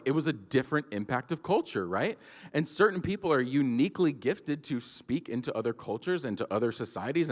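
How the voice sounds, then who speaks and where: A young male pastor, preaching a sermon in a loose, chatty storytelling style. His voice sits mid-pitch and carries a long reverb from a large hall. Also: fairly bright tone. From Georgia, US. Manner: casual, storytelling, filler-heavy.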